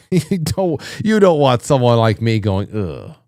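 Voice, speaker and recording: Brief: middle-aged male host, loose profane banter, mellow tone, dry close sound. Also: mid-range voice, sing-song, a little slow, no echo. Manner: loose, profane, joking, mock-prim voices. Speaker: talk show host. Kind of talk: casual chat reading listener comments.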